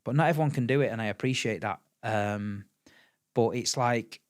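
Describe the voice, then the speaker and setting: On a podcast, a middle-aged English guest speaks at a moderate pace in a medium-pitched voice. His casual chat is lively storytelling, where he voices the quotes himself and tends to repeat words.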